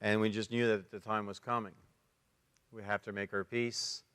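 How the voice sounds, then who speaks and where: A middle-aged Canadian man speaking as a conference speaker, telling a personal testimony with emotional pauses and restarts. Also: lowish voice, level tone, fairly bright tone, smooth. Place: large conference hall. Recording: long hall reverb.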